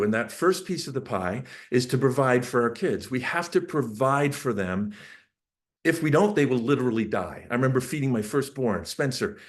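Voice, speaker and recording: A middle-aged man giving a casual, excited talk on parenting, full of asides and quick restarts. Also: mid-range voice. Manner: enthusiastic, rambling with asides and restarts. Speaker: parenting speaker.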